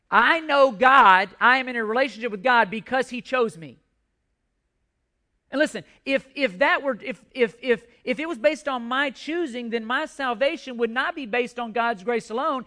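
A pastor preaches emphatically to his congregation, repeating and restarting phrases to drive his points home. His voice is very high-pitched, bright and forceful.

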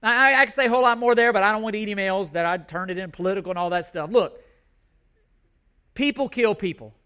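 A man's voice: high-pitched, fast, pushed and bright, clean tone. A male pastor preaching a sermon, impassioned and emphatic, repeating his key points.

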